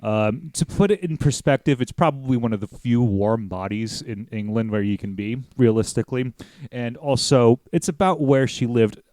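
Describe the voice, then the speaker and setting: A man's voice: mid-range voice, normal speed, dark tone, no echo. A man from the United States hosting a podcast, chatting casually and rambling with jokes and the odd swear word. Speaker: podcast host.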